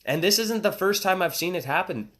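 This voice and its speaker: A man in his thirties giving a casual motivational talk, with excited, emphatic exclamations. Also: high voice, brisk. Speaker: motivational speaker.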